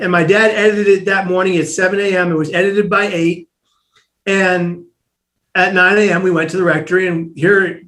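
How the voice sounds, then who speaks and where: A high-voiced man, interviewed as a guest, brings a personal anecdote to life by imitating the people in it, often breaking off to begin a sentence again.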